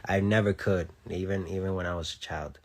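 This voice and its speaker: A man's voice: deep voice, fairly even intonation, fairly quick, a little mellow. A young man chatting casually on a phone live stream, joking, laughing often and reading comments, unable to roll his R's.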